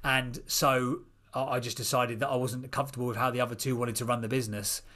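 Man, 30s, podcast guest; rapid storyteller who acts out voices. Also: medium pitch. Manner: animated, acts out other people's voices.

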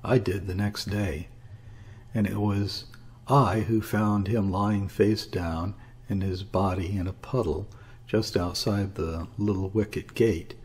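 Husky-voiced man reading a classic story. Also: on the low side, steady tone, slow, a little mellow. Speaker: audiobook reader. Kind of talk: scripted narration of a classic story.

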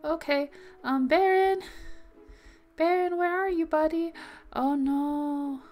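Slow, chatty woman playing a game. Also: high-pitched, fairly even intonation, a little mellow, faint music behind. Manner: chatty, reading game text aloud, reacting with worried exclamations. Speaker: gaming video host. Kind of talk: let's play commentary.

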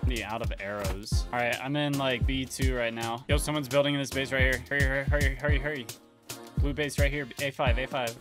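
A man talking casually over a game, calling out enemies and loot to his teammate in a relaxed, mid-pitched voice. Clear music runs behind him. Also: fairly quick, hardly any pauses. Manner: laid-back, calls out moves to a teammate. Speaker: gamer. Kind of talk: casual gameplay commentary.

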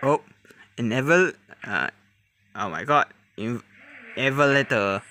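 A man hosting a reaction video, talking casually in halting English, often laughing and exclaiming. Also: mid-range voice, very animated, pushed and bright, slight background noise.

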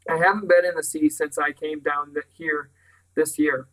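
A gruff old great-uncle professor who speaks firmly and curtly, as a man reading a storybook puts him on. The voice is bright and fairly high for a man. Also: flat delivery, normal speed, close to an everyday voice, low-quality recording. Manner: firm, curt.

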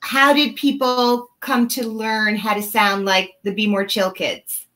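A woman's voice: on the high side, flat delivery, a little slow, fairly bright tone. A woman hosting a casual interview, asking eager follow-up questions. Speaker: host.

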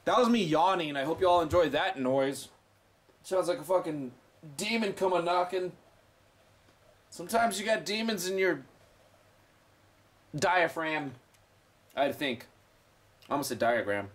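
A man casually commenting while playing a game, excitable and foul-mouthed, chatting to viewers. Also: fairly high pitch, unhurried, pauses often. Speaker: gameplay streamer. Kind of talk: let's play commentary.

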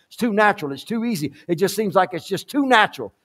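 Pastor guy preaching, slightly high voice, repeats himself, goes quiet then loud. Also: lively intonation, quick pace, hardly any pauses, husky. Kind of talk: sermon. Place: church sanctuary.

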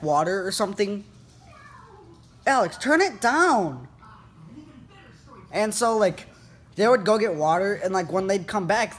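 A teenage boy vlogging, retelling an incident in a rambling way full of fillers. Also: high voice. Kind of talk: casual storytelling to camera.

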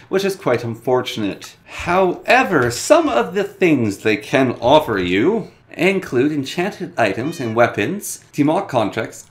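A man hosting a casual, joking game tutorial in a playful manner. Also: slight background noise. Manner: playful and joking, bouncing pitch.

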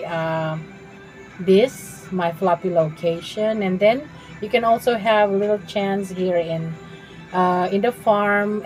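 Poor audio captures a woman with a mid-range voice as she streams a game from her bedroom. She chats with her viewers live, laughing frequently as she plays.

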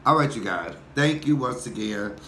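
Comic, cussing rant, mid-pitched voice, echoey room, faint hiss. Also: male voice, moderate pace. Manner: profane, animated storytelling. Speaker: comedian vlogger. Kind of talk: casual mukbang rant.

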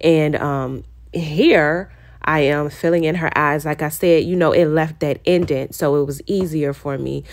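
A woman narrating her baking tutorial in a casual, chatty voice-over, talking straight to her viewers and getting excited. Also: low-pitched, measured pace.

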